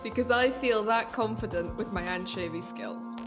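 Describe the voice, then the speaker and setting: A woman of mid pitch playing a tabletop role-play game. She speaks with confidence and often laughs. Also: normal speed, over music. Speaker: player.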